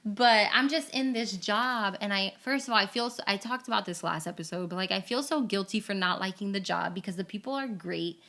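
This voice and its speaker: A young woman co-hosting a podcast, chatting casually and laughing often, slipping into quick put-on voices. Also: mid-range voice. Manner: laughing, animated, slips into put-on phone voices. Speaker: podcast co-host. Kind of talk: casual chat.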